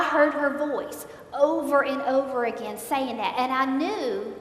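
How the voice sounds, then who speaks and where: A woman's voice: unhurried, fairly bright tone. A woman giving an earnest faith testimony, retelling events and repeating herself as she speaks. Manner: earnest, repeats words while recounting, voice rises in dismay. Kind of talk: emotional faith testimony storytelling. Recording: echoey hall, faint rumble.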